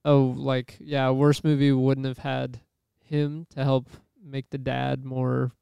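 A man talking through a film with friends in a relaxed, chatty way. His voice is smooth and resonant but runs fairly flat in pitch, with a gravelly fry underneath. The sound is close and dry. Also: slow, no echo. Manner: chatty, laughs often, fills with "like". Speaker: podcast co-host. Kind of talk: casual movie discussion.

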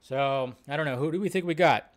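A man hosting a live film news show, chatting casually and reading headlines aloud with rambling asides. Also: a little high. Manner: casual and quick, many fillers and restarts. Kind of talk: casual live-stream commentary.

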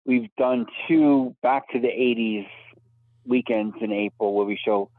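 Male event organizer, halting and restarting, on a tinny phone line. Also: medium pitch, dry recording. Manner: halting, many restarts and fillers. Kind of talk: casual podcast chat.

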